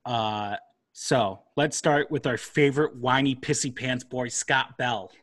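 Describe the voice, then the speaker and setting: Profane ranting podcast host. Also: male voice, mid-range voice, unhurried, a bit bright. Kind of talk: casual podcast chat. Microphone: laptop mic.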